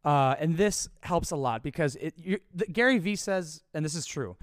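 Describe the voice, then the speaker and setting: A young man talks in a lively, crude storytelling voice that swings up and down a lot as he swears through his stories. His voice is clear and smooth, and the room around him is dry. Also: on the high side, a little fast, hardly any pauses, dry recording. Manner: animated, crude, swears freely. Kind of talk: casual profane storytelling.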